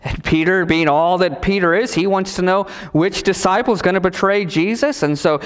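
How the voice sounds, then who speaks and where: A male pastor preaching a sermon, emphatic, with repetition and dramatic pauses. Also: high-pitched, clean tone. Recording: reverberant hall.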